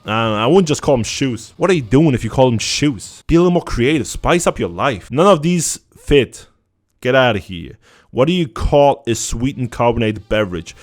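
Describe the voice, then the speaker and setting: A man's voice: medium pitch, lively intonation, moderate pace. A young German man with a German accent, a streamer ranting through a quiz in sarcastic, profane banter. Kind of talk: casual reaction to an online quiz.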